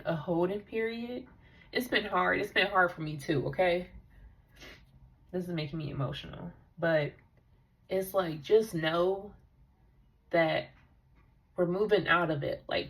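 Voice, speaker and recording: A woman's voice: lowish voice, vocal fry, low-quality recording. A woman giving a tarot reading in an earnest, emotional way, with many fillers as she talks. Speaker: tarot reader. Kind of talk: intuitive tarot reading monologue.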